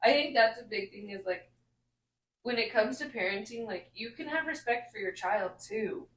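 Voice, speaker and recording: A woman's voice: fairly high pitch, expressive, normal speed. A woman, a podcast host and mother, talking earnestly in casual chat and working through her thoughts with lots of "like". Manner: earnest, talks through ideas with many fillers. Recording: roomy echo.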